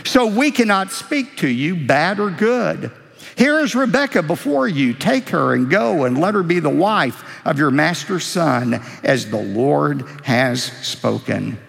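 Male pastor, gravelly and fairly high-voiced, preaching in a large echoing sanctuary. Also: measured pace. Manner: expressive preaching with rising emphatic lines. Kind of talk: sermon. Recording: reverberant hall.

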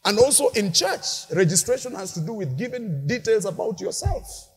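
Male pastor, high animated delivery, long church-hall reverb. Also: normal speed. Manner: animated, shouting peaks, playful asides to congregation. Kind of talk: lively sermon.

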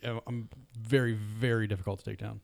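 Male guest, low gravelly voice, dry boastful banter. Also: level tone, brisk. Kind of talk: casual chat.

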